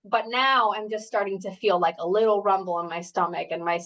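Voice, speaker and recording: A woman health coach talks briskly through a casual live workshop from home, rambling with fillers and asides. Her mid-range, slightly bright voice stays fairly even in intonation, and the highs in the audio are cut off.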